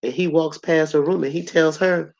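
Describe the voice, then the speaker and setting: A hoarse woman with a cough, telling a story to her audience in a blunt, colorful, animated way. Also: low voice, normal speed, lo-fi sound. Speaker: host.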